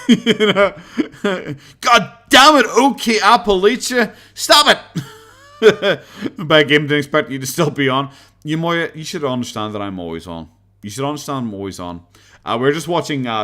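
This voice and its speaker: Speaking fairly quickly in a lowish, fairly bright voice, this Irish streamer chats loosely with his audience. Profanity comes easily to him, laughter comes often, and his distance from the desk mic keeps shifting as he leans in and back.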